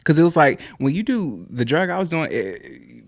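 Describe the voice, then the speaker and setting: A man's voice: on the high side, very animated, dry recording, studio quality. Man telling a wild story with laughs. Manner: laughs often, quick rambling storyteller. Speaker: podcast guest. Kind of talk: casual storytelling chat.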